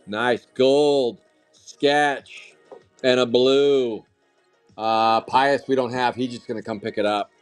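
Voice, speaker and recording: A man hosting a live trading card break, calling out pulls with loud, excitable, jokey hype. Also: mid-range voice, takes it slowly, clean tone. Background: faint music.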